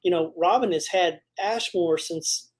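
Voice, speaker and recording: A woman hosting a podcast interview, talking casually and haltingly with many fillers before asking her question. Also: on the low side. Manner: hesitant, full of fillers and restarts. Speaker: podcast host.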